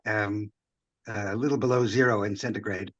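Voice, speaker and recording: A man's voice: fairly low pitch, fairly even intonation, normal speed, no room sound, lo-fi sound. A man from New York with a New York accent, a guest professor chatting in a friendly way. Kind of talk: casual chat.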